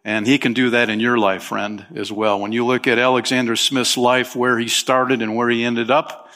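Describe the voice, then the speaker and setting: A man's voice: mid-range voice, little pitch movement, normal speed, bright, forceful tone. A conversational male pastor preaching. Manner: conversational preaching with fillers and emphatic rises. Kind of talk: sermon.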